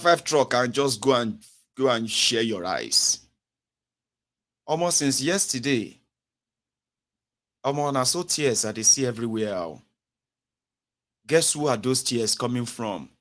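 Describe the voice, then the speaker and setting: A man's voice: high voice, a bit bright. A man with a Nigerian accent delivering a sarcastic, mocking political commentary vlog rant. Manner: sarcastic, mocking rant mixing Pidgin and Yoruba.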